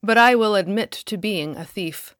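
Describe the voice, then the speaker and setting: A woman voicing the Lord as a calm, grave male figure in a storybook reading, speaking with steady, gentle authority. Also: mid-range voice, moderate pace, dry recording, clean studio sound, lightly acted. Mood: solemn.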